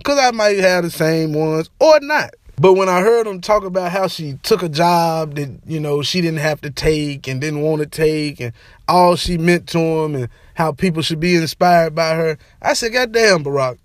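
A young man ranting casually to camera as a sports and entertainment vlogger, slangy and animated, repeating his catchphrases. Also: on the high side, moderate pace, no echo, clean studio sound. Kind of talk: casual opinion rant to camera.

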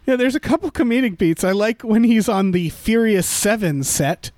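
A man's voice: high-pitched, lively intonation, normal speed, darkish tone, no echo. A man co-hosting a casual movie-review chat, rambling with fillers and restarts. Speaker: podcast co-host.

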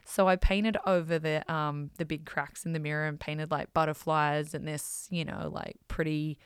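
A woman hosting a podcast, telling stories in an animated, self-mocking way and swearing freely. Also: low voice, moderate pace, clear, resonant tone, no room sound, clean studio sound. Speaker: podcast host. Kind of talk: casual storytelling.

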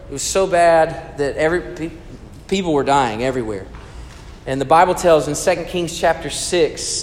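High-voiced man preaching in a reverberant hall. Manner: animated, swings between loud emphasis and hushed storytelling. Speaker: pastor. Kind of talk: sermon.

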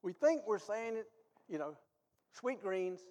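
Animated male pastor preaching in a reverberant church. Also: a little slow. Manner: animated, swings from low asides to loud exhortation; self-deprecating humor, reads ads aloud for laughs. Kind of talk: sermon. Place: church sanctuary.

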